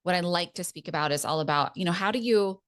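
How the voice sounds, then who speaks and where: Low-voiced woman hosting a coaching podcast. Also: a bit bright. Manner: earnest, measured, frequent affirming "mm-hmm". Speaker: podcast host and relationship coach. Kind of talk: casual podcast conversation.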